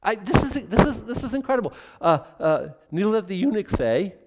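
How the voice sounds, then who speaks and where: A man preaching a sermon in an animated, excitable way, often stopping and restarting his sentences. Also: high-pitched, a little fast, big-room sound, very noisy. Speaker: pastor.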